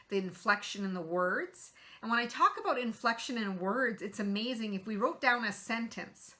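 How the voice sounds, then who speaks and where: A woman's voice: a little high, sharp tone. A middle-aged woman hosting a show, giving earnest coaching tips in a motivational talk with rhetorical questions. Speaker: host.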